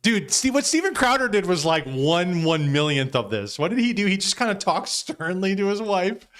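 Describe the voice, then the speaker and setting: A man's voice: high-pitched, big pitch swings, normal speed, a bit bright. Stream host guy, chill and sweary, lots of laughing, voice goes up and down a lot. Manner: profane, laughing, off-the-cuff reactions. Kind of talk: casual reaction commentary.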